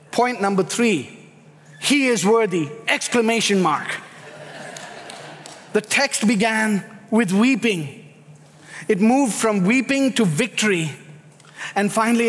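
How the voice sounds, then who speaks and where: A man preaching a sermon, emphatic and building in intensity as he speaks. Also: high voice. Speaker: pastor. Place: church sanctuary. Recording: echoey hall reverb.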